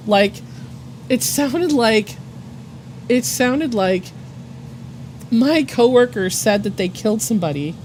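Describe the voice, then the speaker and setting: Chatty woman streamer, slightly high voice. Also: animated, takes it slowly, pauses often, darkish tone, slight background noise. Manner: rambling, filler-heavy, swears and laughs a lot. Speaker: art streamer. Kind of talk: casual livestream chat.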